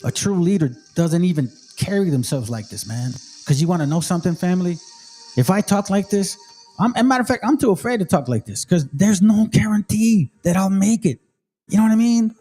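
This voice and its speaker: A man's voice: sits high, expressive, a little fast, mellow, soft background music. A middle-aged man from Mexico, hosting a channel and commenting emphatically on a played debate clip in a casual, preachy street manner. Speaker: channel host.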